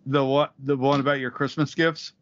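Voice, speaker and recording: A man's voice: medium pitch, flat delivery, moderate pace, lo-fi sound, a little hiss or hum. A man co-hosting a comedy podcast over a call, bickering back in defensive, exasperated, crude banter. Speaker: podcast co-host. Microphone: remote call mic.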